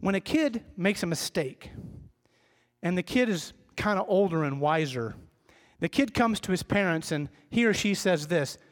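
A middle-aged man delivers a sermon to his congregation in a relaxed, conversational way, often laughing at his own faults. His voice sits high for a man. The sound carries a long reverb from the church hall. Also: normal speed. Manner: conversational, self-deprecating, acts out quoted voices. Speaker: pastor.

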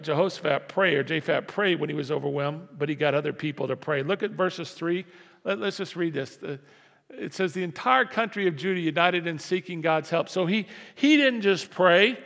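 Emphatic pastor in an echoey church. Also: male voice, on the high side, normal speed, vocal fry, a bit bright. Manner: emphatic, repeats lines, asks congregation to respond. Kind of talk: sermon. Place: church sanctuary.

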